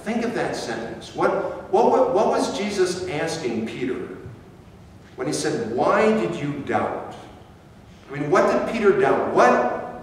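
A man preaching a sermon as pastor, slow and emphatic, repeating key phrases for weight. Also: on the high side, sing-song, slight background noise. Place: church sanctuary. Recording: echoey hall from far off.

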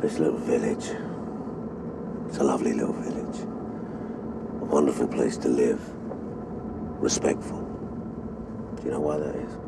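An actor playing a menacing middle-aged male village crime boss, who talks in a threatening, profane and slow, emphatic way inside a car. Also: extremely low pitch, fairly even intonation, gravelly. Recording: loud car engine noise.

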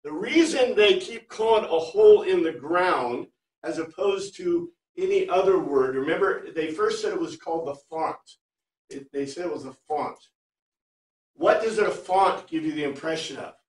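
A man teaching a Bible class, chatty and animated, reading Greek phrases word by word for his students. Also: a little high, normal speed. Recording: echoey room, far from mic.

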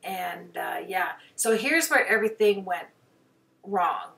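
A woman's voice: fairly low pitch, lively intonation, slow, vocal fry, fairly bright tone, distant mic. A woman hobby painter chatting casually over her own painting, rambling and poking fun at herself, with plenty of fillers. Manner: chatty, rambling, self-deprecating, many fillers.

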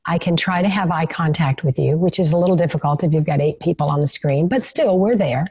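A woman guest in an interview, explaining calmly and warmly agreeing with her host. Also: low-pitched, fairly quick, husky, dry recording. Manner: calm, explanatory, with many affirming interjections. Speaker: guest expert on leadership and the nervous system. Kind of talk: conversational interview over video call.

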